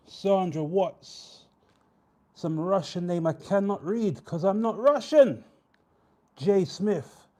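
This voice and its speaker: A young man hosting a live weigh-in stream, chatting casually with viewers and reading out their names with drawn-out shout-outs. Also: on the high side. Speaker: livestream host.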